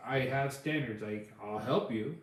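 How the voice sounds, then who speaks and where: A man tells loose, rambling stories in a casual chat, with many "like" and "um" fillers. His voice sits at an ordinary pitch. The room is very echoey. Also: moderate pace. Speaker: podcast co-host.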